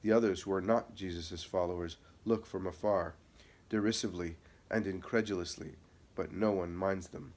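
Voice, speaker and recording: A man reading a religious narrative aloud at a measured, steady pace. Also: sits low. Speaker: reader.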